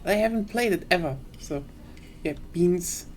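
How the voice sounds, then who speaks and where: A woman's voice: lowish voice, expressive, moderate pace, darkish tone, a little hiss or hum. A German woman streaming a game, chatting with amused bewilderment about it. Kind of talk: casual gameplay commentary.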